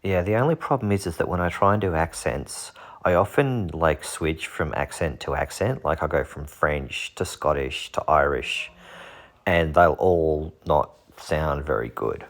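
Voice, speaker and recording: A channel host talks casually through fantasy monster art, cracking jokes, making puns and poking fun at himself. His voice is a low rumble, delivered at a measured pace.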